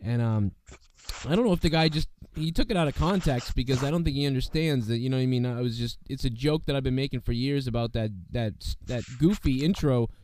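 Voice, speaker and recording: A man hosting a podcast in casual chat, his voice hoarse from being sick, rambling with lots of fillers and swearing. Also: medium pitch, brisk, darkish tone, no room sound. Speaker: podcast host.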